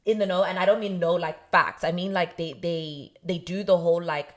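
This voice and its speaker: A woman's voice: on the low side, fairly even intonation, moderate pace. A woman co-hosting a podcast, talking in an earnest, emphatic and opinionated way in casual chat. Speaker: podcast co-host.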